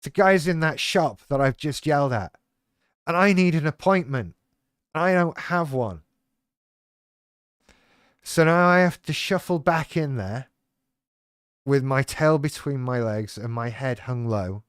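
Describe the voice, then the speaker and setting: A man's voice: mid-range voice, unhurried, long pauses, clear, resonant tone, dry recording, studio quality. A man telling a personal story in a rambling, self-deprecating way with a lot of swearing. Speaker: channel host talking about living with BPD. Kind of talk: casual personal monologue.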